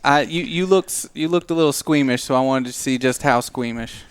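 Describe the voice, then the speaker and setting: A man's voice: medium pitch, a little fast, clean tone, dry recording, close to an everyday voice. A man voicing a bubbly, teasing eighteen-year-old commune girl in a tabletop game. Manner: chirpy, welcoming, playfully needling.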